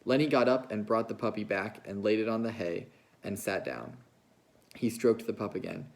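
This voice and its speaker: A man reading a novel aloud to his class with a low voice. His tone is gravelly and fry-laden, and he tells the story at a steady, measured pace. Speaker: teacher.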